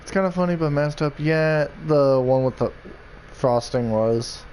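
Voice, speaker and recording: A young man chatting casually with friends, reacting with slow, rambling, hesitant remarks. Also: fairly high pitch, a little mellow, slight background noise, poor audio. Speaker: gamer in a friends' voice chat. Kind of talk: casual chat.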